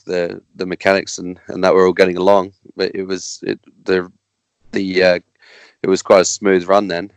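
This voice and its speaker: On a podcast, an Australian guest racer chats casually, rambling and halting with many restarts. His voice sits low with vocal fry, and the recording sounds dry.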